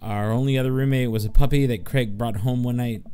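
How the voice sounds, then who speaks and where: A man's voice: mid-range voice, brisk. A man playing a dating game and reading its text aloud, joking and voicing the characters. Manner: animated, joking, voices all the characters. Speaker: gamer.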